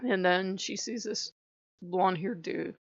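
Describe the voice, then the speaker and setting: Gravelly-voiced chatty woman vlogger. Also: fairly low pitch, unhurried, no echo, dull audio. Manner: chatty, laughing, animated storytelling. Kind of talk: casual chat.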